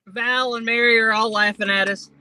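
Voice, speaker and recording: A man's voice: high voice, fairly even intonation, moderate pace, pushed and bright, clean tone, dry recording, rough recording. A man guest on a casual podcast, upbeat and coaxing, often laughing along. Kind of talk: casual livestream chat.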